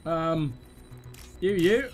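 Man, let's play commentary, high voice, swings up and down, excitable, cursing, game music behind. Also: very slow. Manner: excitable, swearing, talking to teammates. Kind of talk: gameplay commentary.

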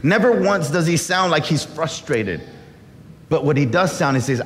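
Earnest pastor guy giving a sermon, slightly high voice, repeats himself, big echoey hall. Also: lively intonation, moderate pace, fairly bright tone, a little hiss or hum. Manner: earnest, repeats words and restarts often.

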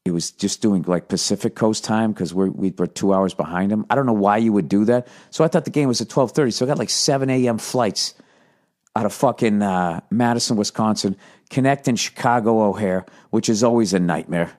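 A middle-aged man from the United States talks through a loose, profanity-laced story, drifting from one tangent to the next. His voice sits fairly low, and he drops into quick mock voices as he goes. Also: a little mellow. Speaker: podcast host. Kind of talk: casual solo monologue.

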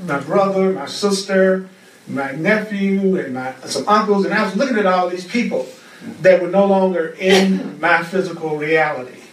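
A man's voice: high-pitched, moderate pace. A man teaching a spiritual class with a fervent, repetitive preaching cadence. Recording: roomy echo, far from the mic.

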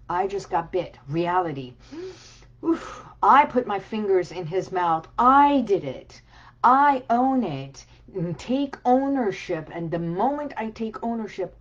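Slow, husky woman coach, soothing. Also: fairly low pitch, lo-fi sound. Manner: slow, soothing, with soft whispered affirmations. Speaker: wellness coach. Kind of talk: motivational talk to camera.

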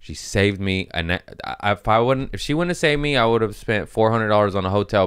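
Low-voiced profane man telling stories. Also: clear, resonant tone, no echo, studio quality. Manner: profane, animated, laughs at own jokes. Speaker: podcast host. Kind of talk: casual storytelling monologue.

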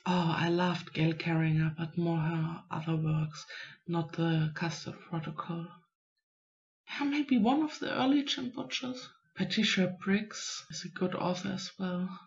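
A woman, a writing vlogger musing aloud to herself in a casual, unhurried way. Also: fairly low pitch, a little mellow. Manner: musing, unhurried, self-talking. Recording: dull lo-fi recording.

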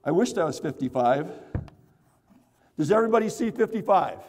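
A fairly high-voiced man leads a lively seminar, joking with volunteers and calling out to the crowd. His voice carries a long hall reverb. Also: normal speed. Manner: playful, teasing, call-and-response with the crowd. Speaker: motivational speaker and magician. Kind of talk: energetic seminar talk with audience participation. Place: large hall with audience.

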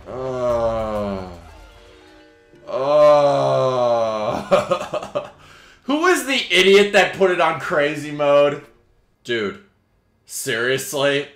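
A young man doing gameplay commentary with a bright, forceful voice that jumps wildly between grumbling lows and yelled highs. He swears and heckles his teammates sarcastically, in a slow, drawn-out delivery, recorded in an echoey room. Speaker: gaming YouTuber.

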